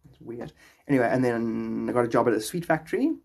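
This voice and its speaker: Young South African male streamer, rambling and chatty, rough grainy voice. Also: mid-range voice, fast talker, a little mellow. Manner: chatty, rambling, laughs often. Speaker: live streamer. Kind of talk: casual chat with live chat viewers.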